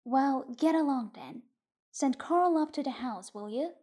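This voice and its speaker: A woman's voice: sits high, animated, unhurried, warm tone. A woman voicing Mrs Garner, a stern but kindly farm mother, in an audiobook reading. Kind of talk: audiobook reading of a short story.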